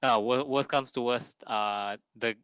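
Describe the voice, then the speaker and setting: A man's voice: mid-range voice, a little slow, clear, resonant tone, no room sound, poor audio. A young man with a Malaysian English accent, chatting casually on a podcast and acting out the people in his stories. He sounds a little run down and coughs now and then. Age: young adult. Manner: animated storyteller, acts out other people's lines. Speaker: podcast co-host. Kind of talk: casual chat.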